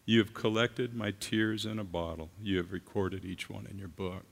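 A man preaching a sermon as a guest speaker, earnest and halting, with frequent restarts. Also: lowish voice, fairly even intonation, creaky. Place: church. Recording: long reverb of a large hall.

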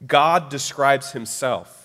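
A man's voice: mid-range voice, slow pace, fairly bright tone. Conversational male preacher in a reverberant hall. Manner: conversational, frequent "right?" tag questions. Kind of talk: sermon.

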